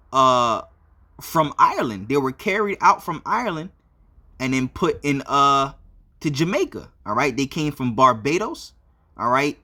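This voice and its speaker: A man's voice: medium pitch, pushed and bright. A man giving religious commentary on a video, filling his talk with "all right" and "uh" between phrases. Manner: repeats "all right" often, with many fillers.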